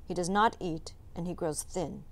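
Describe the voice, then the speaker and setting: A woman voicing a gruff red-bearded hunter chief in a storybook read-aloud, speaking in a stern, commanding way. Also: fairly low pitch, steady tone, moderate pace, lightly acted.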